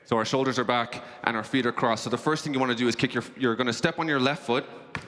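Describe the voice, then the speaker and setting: A man's voice: mid-range voice, fast, sharp tone. A young man chatting on stage as a guest Irish dancer, eager and laughing as he counts out dance steps. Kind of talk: casual onstage chat. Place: large convention hall stage. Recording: long hall reverb.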